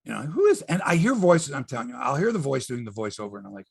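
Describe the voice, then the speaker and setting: A man's voice: mid-range voice, very animated, quick pace, gravelly, husky. A middle-aged Canadian man hosting a sports podcast, chatting casually in a rambling, profane, wry way. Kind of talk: casual chat.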